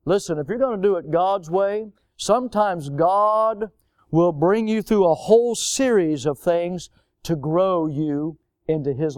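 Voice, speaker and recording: An older man delivers a sermon with a notably high voice, pressing his points through homespun stories and pointed rhetorical questions. The sound is dry and close, with no room around him. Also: a little mellow, clean tone, no echo. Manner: emphatic, folksy preaching with stories and rhetorical questions. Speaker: pastor.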